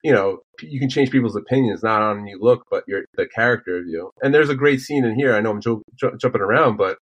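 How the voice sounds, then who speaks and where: A man's voice: on the low side, lo-fi sound. A man co-hosting a podcast, rambling eagerly about comics and acting out characters' lines as he goes. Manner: fast, rambling, acts out comic-book quotes. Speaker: podcast co-host. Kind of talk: casual chat.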